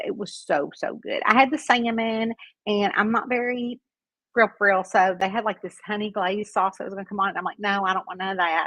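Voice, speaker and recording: Lively woman telling a story. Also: no echo. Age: middle-aged. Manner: animated, often climbing high when excited. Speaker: mystery author answering reader questions. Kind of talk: casual storytelling.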